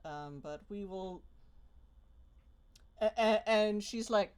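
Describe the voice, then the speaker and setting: A woman's voice: on the low side, takes it slowly, pauses often, darkish tone. Rambling woman running a tabletop game. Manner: rambling, many fillers and restarts. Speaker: game master.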